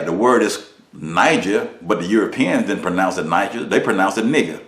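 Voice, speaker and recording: A man, a minister, delivering a preached lesson. He talks emphatically, uses rhetorical questions, and swings widely in pitch and volume. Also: lively intonation, normal speed, fairly bright tone. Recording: roomy echo.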